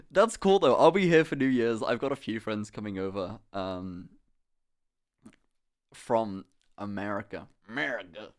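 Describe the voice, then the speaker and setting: A man's voice: medium pitch, normal speed. Laughing man telling stories to chat. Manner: animated storytelling, frequent laughter, swearing. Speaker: live streamer. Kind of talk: casual chat with stream viewers.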